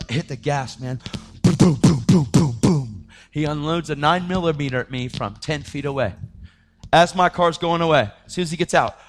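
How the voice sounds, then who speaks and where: A man preaching his testimony in a dramatic storytelling style, swinging between loud outbursts and hushed tones. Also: fairly high pitch. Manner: acts out the voices of people in his story. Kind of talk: testimony sermon.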